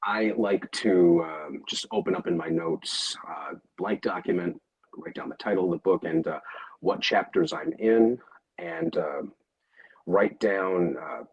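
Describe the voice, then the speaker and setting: Deep husky male narrator. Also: lo-fi sound. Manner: halting, many fillers and restarts. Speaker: audiobook narrator. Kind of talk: casual interview answers.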